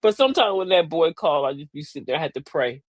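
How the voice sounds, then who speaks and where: Animated, emphatic middle-aged woman host. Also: low-pitched, fast talker, dry recording. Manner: emphatic, preachy, folksy. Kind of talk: live motivational talk.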